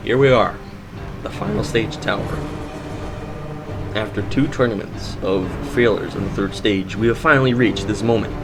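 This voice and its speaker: A man calling an obstacle course run as play-by-play commentary, excitable, with hesitant fillers between calls. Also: lowish voice, normal speed, poor audio. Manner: excitable, builds to loud shouts at big moments. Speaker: sports commentator. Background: background music.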